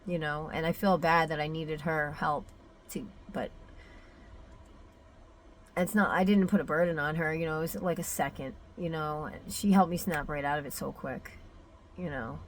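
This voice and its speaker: A woman's voice: low-pitched, steady tone, moderate pace, a little hiss or hum. A young adult woman telling a personal story in a candid, emotional vlog, full of fillers and restarts. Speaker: mother sharing a personal story.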